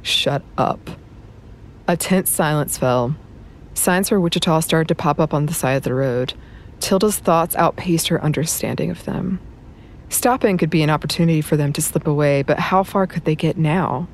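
A woman narrating a novel in a measured, even storytelling manner. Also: deep voice, a little hiss or hum. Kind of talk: audiobook narration.

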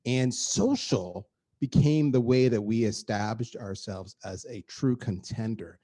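A middle-aged man, a guest on a podcast, talking in an energetic and emphatic way and repeating words for effect. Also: medium pitch, unhurried, husky. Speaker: guest, marketing executive. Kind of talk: animated podcast conversation.

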